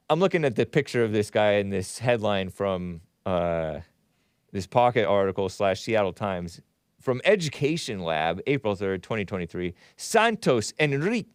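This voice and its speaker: A man's voice: mid-range voice, smooth, no echo, clean studio sound. A man hosting his own talk show, delivering a rambling, mocking monologue and laughing often. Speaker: host. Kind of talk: casual monologue.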